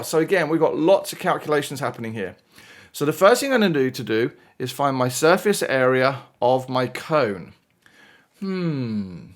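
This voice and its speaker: A man with a British accent talks through maths problems as a teacher. He keeps it chatty and playful, tossing in little exclamations and asides. His voice sits at a middle pitch but swings widely up and down. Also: a bit bright. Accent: British English. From United Kingdom. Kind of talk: worked-example maths lesson.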